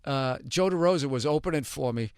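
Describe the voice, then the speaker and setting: A man's voice: a little high, a little fast, clean tone, no room sound, studio quality. A man with a Boston accent hosting a podcast, telling rambling stories in casual chat with swearing and laughter. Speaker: podcast host.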